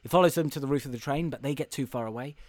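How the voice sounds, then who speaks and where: A man's voice: mid-range voice, racing, no room sound. A man co-hosting a podcast, recapping a film in a rambling, sweary casual chat. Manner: rambling, sweary, laughs often. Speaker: podcast co-host reviewing a film.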